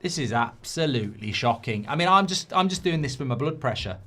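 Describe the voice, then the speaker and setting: Sweary bloke hosting a footy watchalong, ranting, voice jumping all over, bright and punchy. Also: male voice, medium pitch, lively intonation, a little fast. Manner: ranting, sweary, mock-whiny impressions. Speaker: football watchalong host. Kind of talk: live watchalong commentary and chat reading.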